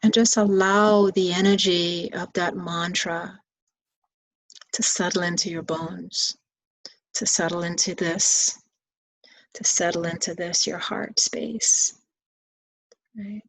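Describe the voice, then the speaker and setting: Woman meditation teacher, slow level delivery, soothing bedtime guidance, dry close sound. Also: on the low side, steady tone, gravelly, a bit bright, breathy edge, no echo, poor audio. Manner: slow, soothing, repetitive phrasing. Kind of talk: guided bedtime reflection.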